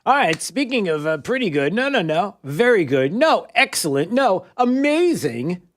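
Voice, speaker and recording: Halting, chatty male radio host. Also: sits high, sing-song, dry recording, studio quality. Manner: halting, many fillers and restarts, laughs easily. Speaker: radio talk show host. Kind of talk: casual morning radio chat.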